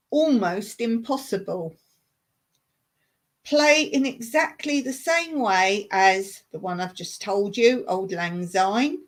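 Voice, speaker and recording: A woman hosting a casual home livestream, chatting and patiently explaining things while repeating words. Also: mid-range voice. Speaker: livestream host. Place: home in rural Cyprus.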